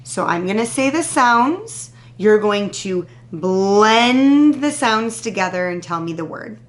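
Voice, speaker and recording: A woman teacher leading a phonics warm-up for young children, sounding out words crisply and praising each answer patiently. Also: mid-range voice, expressive. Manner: patient, drawn-out, encouraging praise after pauses. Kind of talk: slow, deliberate phonics lesson to young children.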